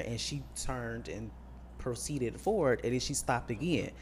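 A man's voice: medium pitch, moderate pace. Sassy young man venting, faint background noise. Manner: irritated, sassy storytelling. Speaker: podcast co-host. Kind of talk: casual podcast chat.

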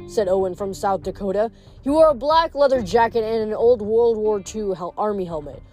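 A woman's voice: medium pitch, expressive, fairly quick, a little mellow, soft background music. A woman reading a novel aloud in a casual manner, stumbling and restarting words now and then. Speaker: reader.

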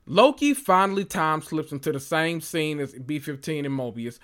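A man recapping a TV episode for his channel in a loose, casual reaction style. He talks with a sassy, animated edge and swears freely, and his voice sits a little higher than most men's. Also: normal speed. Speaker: recap vlogger.

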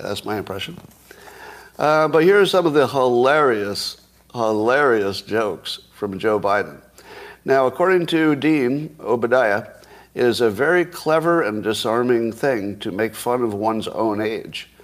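A man's voice: mid-range voice, lively intonation, a little slow. A man in his sixties hosting a live stream, talking in a sarcastic, mocking way. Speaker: podcast host.

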